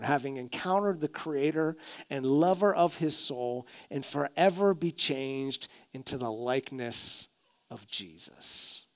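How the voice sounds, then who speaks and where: A male pastor preaching a sermon, telling stories expressively, dropping to a hush and then rising loud. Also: medium pitch.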